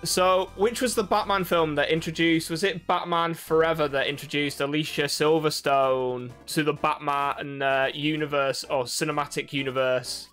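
A man from the UK chatting casually while playing a game, telling stories slowly and laughing often. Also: fairly high pitch, steady tone, fairly bright tone, faint music behind. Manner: slow storytelling, laughs often. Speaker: co-host. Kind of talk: casual chat over gameplay.

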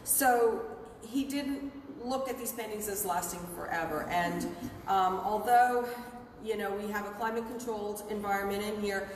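A woman's voice: medium pitch, moderate pace, a little hiss or hum. A woman co-hosting a museum tour, speaking hesitantly with many fillers. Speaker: museum co-host. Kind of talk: casual tour talk. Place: large museum gallery indoors. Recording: echoey gallery, distant mic.

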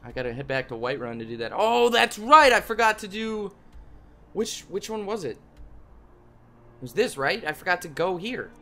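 A young man hosting a game play video, talking to viewers in a goofy way and breaking into loud yelps and yells. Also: high voice, big pitch swings, normal speed. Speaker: gaming channel host. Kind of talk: let's play commentary. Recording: game music playing softly behind.

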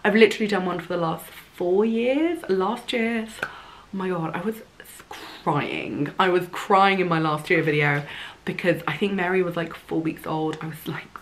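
A woman, chatting casually to camera at home while ill and a little hoarse. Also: fairly low pitch, moderate pace, slight background noise, low-quality recording. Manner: chatty, rambling, self-deprecating. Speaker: vlogger.

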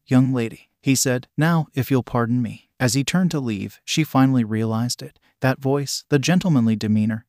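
A man narrating a fan story in an even, steady reading voice. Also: medium pitch, no room sound, clean studio sound.

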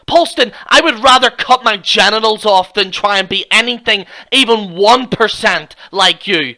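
A man's voice: sits high, moderate pace, hardly any pauses, sharp tone. A man giving heated, mocking reaction commentary, swearing constantly as a YouTube commentator.

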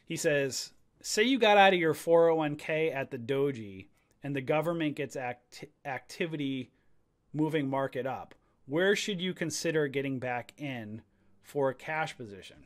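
A man with a somewhat high voice leads a live trading webinar, talking straight to his viewers. He rants with energy and throws in preacher-like calls for an amen. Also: normal speed. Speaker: trading educator. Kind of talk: livestream webinar on stock charts.

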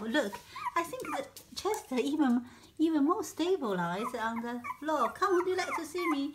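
At home, a woman films her puppies, coaxing and chatting to them in a sing-song voice with lots of laughter. Her voice sits high and is very animated, moderately paced with hardly any pauses, and the home video carries an echoey room and clear background noise.

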